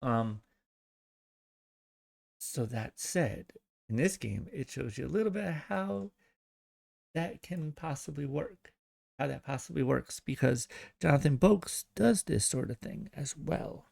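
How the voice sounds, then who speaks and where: A man's voice: a little high, lively intonation, unhurried, gravelly, long pauses, a little mellow. A man hosting a gaming channel, giving chatty, rambling let's-play commentary into a desk microphone.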